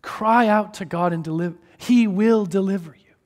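A man preaching a sermon, moving between hushed, drawn-out phrases and raised, emphatic ones. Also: high-pitched. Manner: expressive, shifting between hushed and raised delivery.

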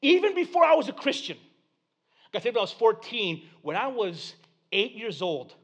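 A man's voice: high-pitched, moderate pace, husky. A man from Flint, Michigan preaching a sermon, telling stories and acting out voices. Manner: animated storytelling, acting out voices. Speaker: pastor.

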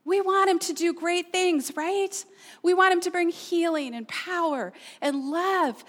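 Brief: middle-aged woman pastor, high voice, earnest personal sermon. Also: measured pace, fairly bright tone. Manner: earnest, personal, asks the audience questions.

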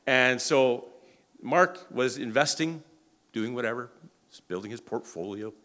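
Male preacher, sermon storytelling, animated, stumbles and repeats words, mid-pitched voice. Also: a little slow. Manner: animated, acts out quoted dialogue; frequent restarts and repeated words.

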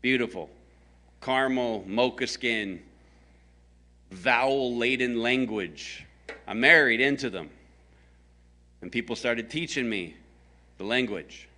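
Man, pastor, from the American South, conversational sermon, storytelling, bright forceful voice. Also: medium pitch, slow pace, long pauses. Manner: animated, storytelling, jokes with the congregation.

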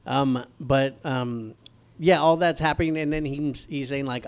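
A man's voice: medium pitch, fairly even intonation, a little slow, clear, resonant tone. A man, a father, chatting casually on a movie podcast, recapping the plot with many ums and restarts. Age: adult father. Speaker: podcast co-host.

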